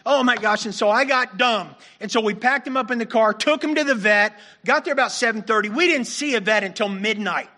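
Male pastor, high voice, chatty self-deprecating sermon delivery, voice a bit worn. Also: fairly quick, hardly any pauses, pushed and bright. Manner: conversational, self-deprecating, laughs while preaching. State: losing his voice.

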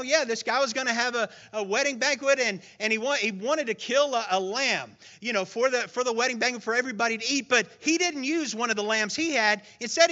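Male pastor giving a sermon, high bright voice, dull lo-fi recording, swings quiet to loud. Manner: lively, swings from hushed to emphatic; acts out voices in retold scenes. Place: church room with congregation.

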